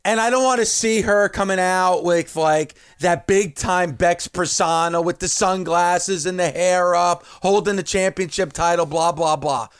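A man with a fairly high voice hosting a wrestling talk show. He chats in an easy, emphatic way, backing up his co-host and piling on points. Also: measured pace, few pauses, smooth. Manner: chatty, agreeing, emphatic. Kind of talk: casual chat.

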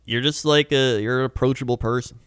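A man's voice: medium pitch, fairly even intonation, a little fast, a bit bright, clear, resonant tone, no echo, clean studio sound. A young man chatting casually on a podcast, laughing often and playfully arguing the other side. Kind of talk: casual chat.

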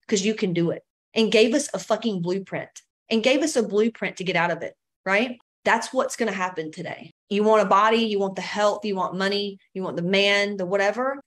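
A woman hosting a live-stream coaching talk who speaks in a profane, emphatic and heartfelt way. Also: medium pitch. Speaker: coach and show host.

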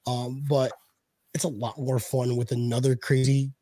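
A man hosting a casual podcast chat who gets excited, laughs a lot and stumbles over his words. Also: medium pitch, moderate pace, dry recording. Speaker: podcast host.

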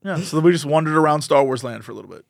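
A man's voice: on the high side, racing, gravelly, no room sound, clean studio sound. A man co-hosting a podcast, chatting casually and telling a story with lots of acted-out quotes. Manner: animated storyteller, acts out quoted voices. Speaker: podcast co-host. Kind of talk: casual chat.

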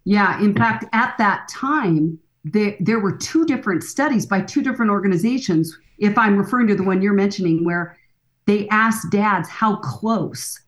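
A woman in her sixties, a counselor and author, appears as a guest on a podcast interview, speaking earnestly and with emphasis. Her voice is medium-pitched and moves at a normal speed.

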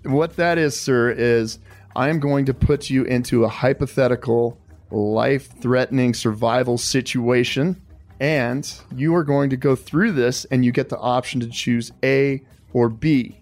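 A man's voice: medium pitch, measured pace, a little mellow, no room sound. A man hosting an interview, politely calling his guest sir and telling a survival scenario step by step. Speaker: podcast host.

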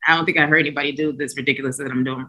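A woman's voice: a bass voice, very fast, rough recording. A woman speaking openly and animatedly in a casual podcast chat. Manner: open, animated, emphatic storytelling.

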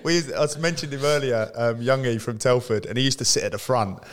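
A man's voice: mid-range voice, brisk, smooth. A man with an everyday mid-range voice co-hosts a casual podcast. He adds his own stories in an easygoing way and chuckles now and then. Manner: easygoing, chuckles while chiming in. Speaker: podcast co-host, ex-footballer. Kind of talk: casual chat.

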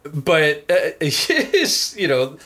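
Man, podcast co-host, casual movie chat, filler-heavy rambling, slightly higher pitch. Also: very animated, extremely slow, bright, forceful tone.

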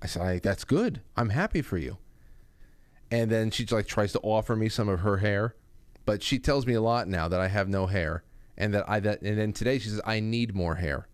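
A man's voice: lowish voice, moderate pace, clear, resonant tone, no echo. A middle-aged man hosting a casual call-in talk show, chatty and reading listener stories aloud. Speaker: radio talk show host.

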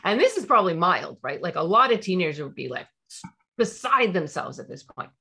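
A woman's voice: lowish voice, sing-song, fairly quick, vocal fry, bright, forceful tone, husky. A woman parenting coach who explains a technique and repeats her points for stress.

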